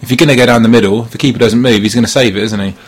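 Man, husky voice, fast, wry football podcast banter. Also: mid-range voice, steady tone. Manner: wry, dry humor. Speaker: podcast co-host. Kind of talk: casual football chat.

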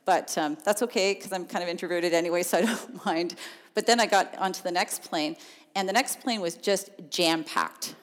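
A woman telling a personal story in an animated, chatty way, laughing often. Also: fairly low pitch, moderate pace. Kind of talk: storytelling testimony. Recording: long reverb of a large hall.

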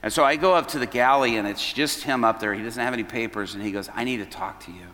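Bright-voiced preacher in a ringing hall. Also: male voice, medium pitch, fast. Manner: retells events as dialogue, quoting each person. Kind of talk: storytelling sermon. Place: church hall at an evening service. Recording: long reverb of a large hall.

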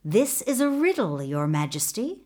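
A woman storyteller voicing a scheming, ambitious male royal advisor who speaks smoothly and deferentially. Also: mid-range voice, very animated, moderate pace, darkish tone. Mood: persuasive.

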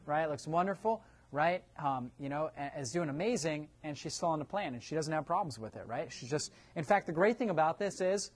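Man lecturing a room, tagging "right?". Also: a little high. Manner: keeps checking in with a tag "right?"; quizzes the audience with questions. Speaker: nutrition seminar presenter. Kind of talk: live seminar talk to an audience. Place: room with a live audience.

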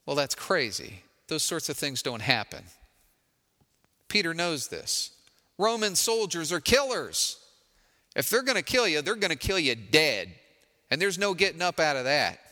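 A man's voice: on the high side, big pitch swings, unhurried, pushed and bright, big-room sound. A man preaching a sermon in a conversational, wry way, acting out the people he quotes. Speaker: pastor.

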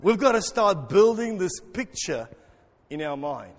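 Man from South Africa, pastor, high voice, animated preaching, church hall with long reverb. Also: a little slow. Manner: animated, acts out voices, jokes with congregation. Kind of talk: interactive sermon.

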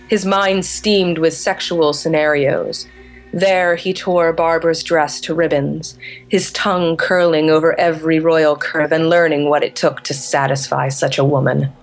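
Woman reading her own novel, lower voice, expressive and measured. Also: poor audio. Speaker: author reading her book. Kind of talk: fiction reading.

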